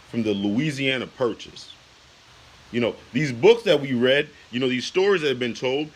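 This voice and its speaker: A man's voice: medium pitch, expressive, moderate pace, fairly bright tone, slightly rough, rough recording. A man in his late thirties ranting on a casual vlog, heated and repetitive, with lots of "you know" and "man.". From United States. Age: 30s. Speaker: YouTuber.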